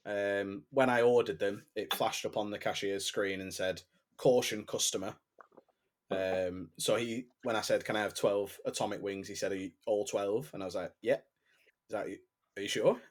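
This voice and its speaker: A man's voice: lowish voice, steady tone, moderate pace. Chatty man, casual podcast host. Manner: laughs often, swears freely, chatty. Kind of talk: casual chat.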